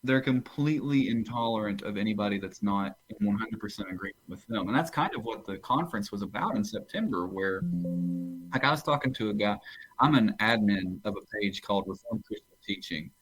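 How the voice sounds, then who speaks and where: A man's voice: lowish voice, lively intonation, fairly quick, a bit bright, breathy edge, no room sound, soft background music, low-quality recording. A man, a pastor on a podcast, talking casually about theology and rambling into stories, often restarting his phrases.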